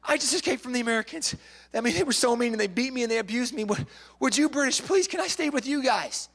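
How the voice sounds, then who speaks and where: A man's voice: very high-pitched, animated, fast talker, fairly bright tone, full character voice. A man voicing a young man pleading and feigning an escape, in a room with long reverb.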